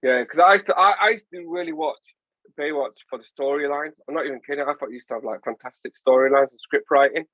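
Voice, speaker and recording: Podcast host: Northern English man, forties, jokey and animated, a bit high-voiced, dry slightly dull sound. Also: fast talker, dry recording. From England. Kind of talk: casual chat.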